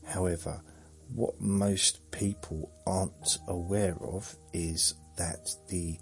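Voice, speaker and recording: A man with a low voice talks slowly through a rambling sleep-podcast monologue. He muses in a dry, self-mocking way, and faint music plays underneath. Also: flat delivery. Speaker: podcast host.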